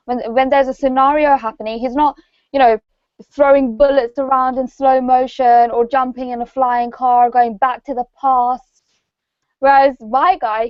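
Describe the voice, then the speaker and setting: Teasing high-voiced British woman. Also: dry recording, muffled recording. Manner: teasing and confident. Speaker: guest. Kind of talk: casual movie debate chat.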